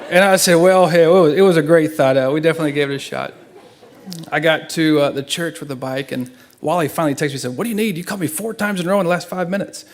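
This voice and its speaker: Standing in a church, a middle-aged man gives an emotional eulogy for a parent, sharing stories earnestly. His creaky voice, on the high side, moves back and forth between soft and loud.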